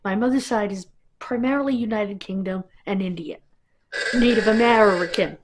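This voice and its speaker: A woman's voice: mid-range voice, moderate pace, background noise. A woman vlogger talking to camera in a casual, rambling monologue that wanders between tangents.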